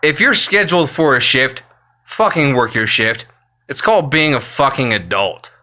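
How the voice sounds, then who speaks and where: Exasperated and blunt, a full-time-working adult vlogger delivers an angry, constantly cursing rant to camera. He speaks at normal speed in an expressive, medium-pitched voice that sounds pushed and bright.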